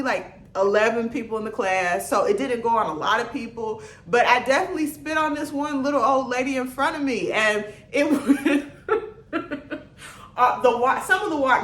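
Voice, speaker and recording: A woman telling a funny story in a casual vlog, acting out quotes and laughing as she goes. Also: a little high. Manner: animated, laughing, acts out quotes. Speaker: vlogger. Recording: echoey room.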